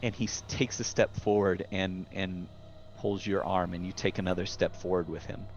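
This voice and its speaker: A man narrating a tabletop horror game as game master, describing scenes in the second person with halting restarts. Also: deep voice, little pitch movement. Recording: dull lo-fi recording with faint hiss.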